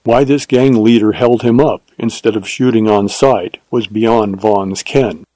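A man narrating a western novel as an audiobook, in a measured, steady way. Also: fairly low pitch, no echo, low-quality recording.

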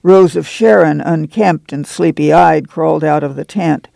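Male narrator, measured storybook delivery, slightly high pitch with heavy fry. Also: a little mellow, no echo. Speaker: audiobook narrator. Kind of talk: scripted narration.

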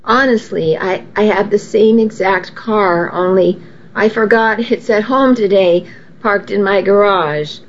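A woman voicing a kind young man who talks in a gentle, reassuring way. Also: medium pitch, a little slow, close to an everyday voice. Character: kind young man, a stranger giving a ride. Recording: dull, faintly noisy recording.

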